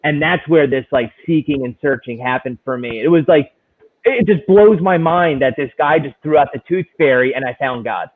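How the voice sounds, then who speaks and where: A man's voice: on the high side, moderate pace. A man in recovery sharing a personal testimony in a candid, searching way, full of restarts. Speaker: guest in recovery. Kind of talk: personal testimony in casual conversation. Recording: tinny phone-like line.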